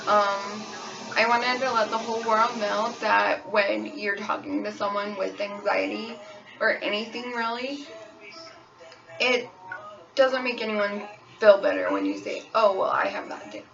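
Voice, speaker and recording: A woman's voice: mid-range voice, level tone, unhurried, vocal fry, far from the mic. A young woman who works as a waitress, talking candidly in a personal vlog about her own experience. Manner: candid, frank, storytelling. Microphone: phone camera. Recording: dull lo-fi phone recording, voice a bit off-mic, pop song playing behind. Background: pop song playing on repeat.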